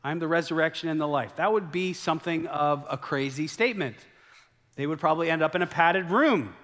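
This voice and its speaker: A man preaching a sermon as a pastor, telling the story in a lively way and acting out the quoted lines. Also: fairly high pitch, fairly quick. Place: church sanctuary. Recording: long hall reverb.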